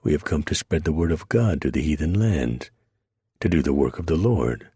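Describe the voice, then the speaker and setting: A man's voice: a bass voice, animated, normal speed, warm tone, breathy edge, no echo, studio quality, exaggerated voice. A man doing a flustered, pompous church deacon. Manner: stammering, earnest.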